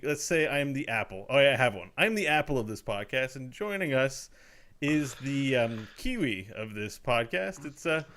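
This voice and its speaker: A man's voice: medium pitch, big pitch swings, moderate pace, fairly bright tone. Joking podcast host man. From Canada. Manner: jokey, laughs often, loose improvised talk. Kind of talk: casual chat.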